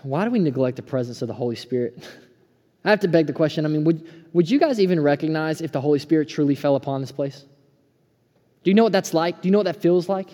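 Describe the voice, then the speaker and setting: Pastor in his thirties, earnest sermon delivery, slightly high pitch, warm and dark tone, reverberant sanctuary. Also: expressive, quick pace. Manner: earnest, swings between hushed and fired-up. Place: church sanctuary. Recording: preaching in a hall with long reverb.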